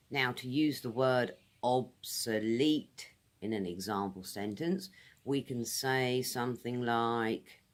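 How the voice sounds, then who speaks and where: A British woman giving a casual English vocabulary lesson outdoors, repeating each word carefully for pronunciation. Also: very deep voice. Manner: friendly, repeats words slowly for pronunciation. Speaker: English teacher.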